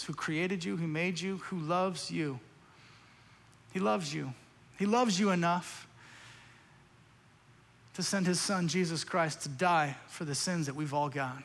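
Earnest high-voiced male pastor preaching. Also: in a large hall. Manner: earnest, pleading, repeats phrases. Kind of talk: sermon.

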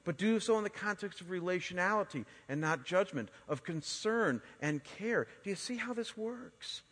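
High, bright male pastor, animated sermon storytelling, stumbling restarts, long church reverb. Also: normal speed.

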